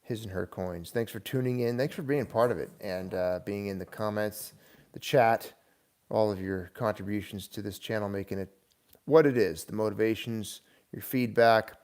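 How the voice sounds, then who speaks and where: A middle-aged man hosting a casual livestream, rambling and animated as he rails against bankers. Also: on the low side, normal speed. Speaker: channel host.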